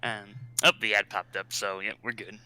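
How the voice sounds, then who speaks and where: A man co-hosting a casual live-stream chat, relaxed and laughing easily. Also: fairly low pitch, moderate pace, poor audio.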